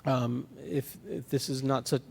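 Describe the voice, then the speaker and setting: A man preaching a sermon in a casual, conversational way, often restarting his sentences and pausing on fillers. His mid-range voice has a gravelly edge. The sound carries a long reverb from the large church hall around him. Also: mid-range voice, flat delivery, darkish tone. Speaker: pastor. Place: church sanctuary.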